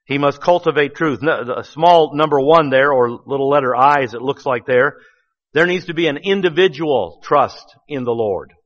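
A man's voice: mid-range voice, moderate pace. A man preaching a sermon as pastor, folksy and explanatory, building to emphatic bursts. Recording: dull sound with long church reverb.

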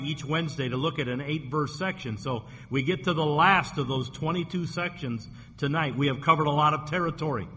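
A man's voice: fairly high pitch, pushed and bright. A man preaching a sermon as pastor, earnest and given to repeating his words. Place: church sanctuary. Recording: echoey hall, faint background noise.

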